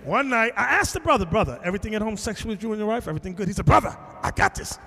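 Animated high-voiced male preacher. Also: very fast, long reverb tail. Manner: animated storytelling, acting out quotes, shouting at times. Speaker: teacher. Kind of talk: sermon.

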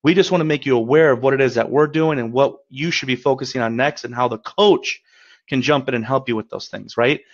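A man's voice: mid-range voice, brisk, lo-fi sound. A man giving a webinar as a coach, talking in an upbeat, encouraging, conversational way, often checking in with "right?". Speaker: credit repair coach. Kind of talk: webinar presentation.

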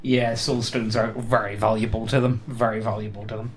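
A man's voice: on the low side, little pitch movement, a little fast. A man chatting casually as a co-host, reacting with chatty comments and laughs. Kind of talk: casual chat.

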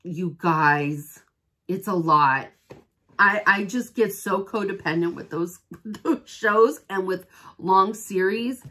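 A woman's voice: medium pitch, slow, pushed and bright. A woman chatting casually in an unboxing vlog as a home-fragrance consultant, rambling and gushing to her viewers like a devoted fan.

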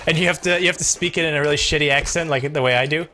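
A man casually commenting on a co-op game while streaming, jokey and swearing, with sudden excited yells. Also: on the high side, racing, noisy background. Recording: game music and gunfire underneath. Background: game music and gunfire.

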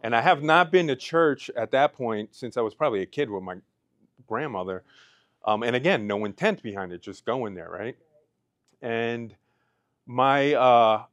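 A man's voice: mid-range voice, no room sound. A man in his thirties tells his personal story to an audience at a business event. His voice sits in a middle register and is caught close and dry. He is emotional and holds back tears between his phrases. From Pennsylvania. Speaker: speaker. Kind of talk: personal testimony speech. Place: event hall.

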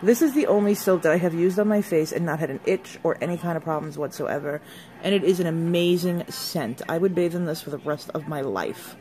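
A woman vlogger chatting casually through an unboxing, excitable and gushing over each product. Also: deep voice, a little fast, a little hiss or hum.

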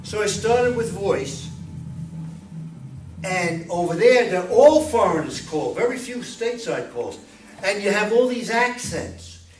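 A man's voice: sits high, animated, unhurried, soft background music. A man giving an informal talk to a club meeting as a guest speaker, chatty and often asking the audience questions. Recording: echoey room, distant mic, faint noise.

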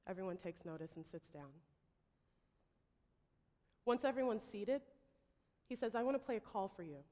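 A woman gives a startup pitch from a stage, voice at a middle pitch. She tells her story with drama and acts out the people she quotes. The long reverb of a large hall trails after each phrase. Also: expressive, moderate pace, long pauses, darkish tone.

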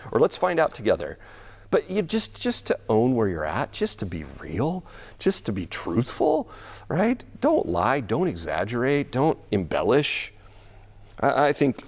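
A man's voice: on the low side, wildly swooping pitch, moderate pace. A middle-aged man preaching a sermon in a church, conversational, laughing often and repeating words as he thinks. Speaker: pastor.

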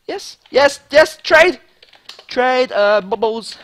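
A man with a high voice, commentating his own gameplay at a desk mic with breathless excitement. He stammers and swings between shouting and near-whispers. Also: a little slow. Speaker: gaming channel host.

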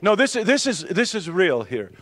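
An older man, a pastor, preaching a sermon in a church, animated and joking with some irony and many restarts. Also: high-pitched, moderate pace. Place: church sanctuary.

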